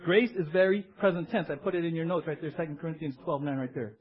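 A male pastor delivering an animated, emphatic sermon, calling out to the congregation. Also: on the high side, quick pace, highs cut off.

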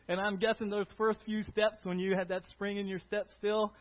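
Animated husky male preacher. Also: high-pitched, normal speed, hardly any pauses, lo-fi sound. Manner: animated, conversational preaching with frequent "right?". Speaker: pastor. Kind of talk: sermon.

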